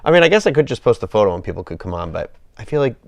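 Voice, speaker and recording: A man's voice: fairly low pitch, big pitch swings, racing, no room sound. Stuffy-nosed man chatting on a stream. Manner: rambling, apologetic, self-deprecating. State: stuffed up with a cold. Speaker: live streamer. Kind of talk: casual live-stream chat while gaming.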